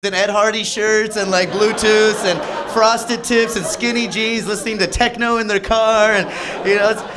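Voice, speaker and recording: A man doing a rambling, excitable stand-up set on a comedy club stage, working the crowd. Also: high voice, normal speed, noisy background.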